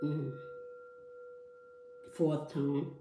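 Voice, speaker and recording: A woman's voice: deep voice, flat delivery, extremely slow. A woman hosting a spiritual tarot channel, teaching in a monologue and checking in with "okay?" after almost every phrase. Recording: echoey room, somewhat far from mic.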